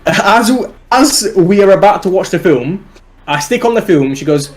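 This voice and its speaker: British bloke on a livestream, voice a bit high, rambling funny story, swears a lot, cracks up laughing. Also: male voice, normal speed. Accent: British English. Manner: animated, swears freely, laughs through the story. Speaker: live streamer.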